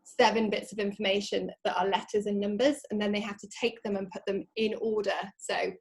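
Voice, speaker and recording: A woman presenting a webinar in a friendly way, laughing often and reading test digits out slowly. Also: mid-range voice, level tone, rough recording. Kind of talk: webinar talk.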